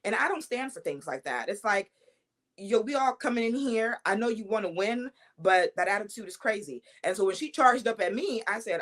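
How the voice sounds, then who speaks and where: A woman's voice: medium pitch, expressive, moderate pace, fairly bright tone. A young woman, a wrestling champion, talking confidently in a casual interview, trash-talking her opponents between fillers and restarts.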